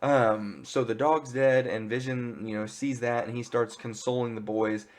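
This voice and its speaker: A man casually retelling a TV episode in an excited, rambling way, full of filler words. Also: mid-range voice, moderate pace. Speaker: pop culture reviewer. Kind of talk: casual spoiler recap.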